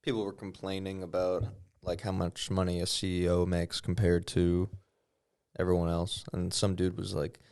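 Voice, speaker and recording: A man's voice: low-pitched, monotone, moderate pace, a little mellow. A man co-hosting a comedy podcast in casual, laid-back chat. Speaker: podcast co-host.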